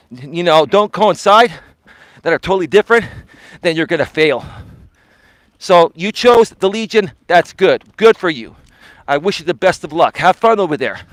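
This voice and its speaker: A man's voice: sits high, fairly bright tone, dry recording. A man, a life coach hosting his livestream, ranting confrontationally outdoors on a walk, repeating himself and swearing. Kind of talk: heated livestream rant.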